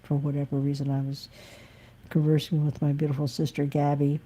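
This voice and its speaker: A woman's voice: low voice, monotone, fairly quick, dark tone. A woman musician talking candidly and bluntly in a live-stream monologue. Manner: blunt, emphatic, occasionally swearing.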